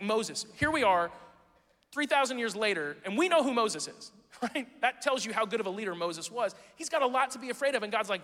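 A man's voice: high voice, sharp tone, in a large hall. A man preaching a sermon as pastor, casual and joking, reading scripture and adding playful asides.

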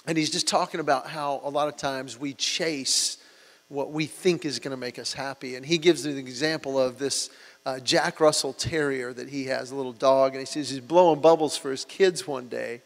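A pastor with a medium-pitched voice preaches a sermon at a moderate pace. He tells stories and acts out quotes with lively energy, recorded with hall reverb and mains hum.

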